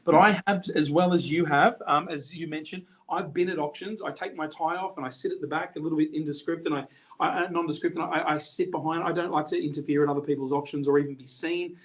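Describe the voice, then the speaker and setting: A confident middle-aged man, an auctioneer telling lively, joking stories in an interview. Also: a little high, fast. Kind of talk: storytelling in an interview.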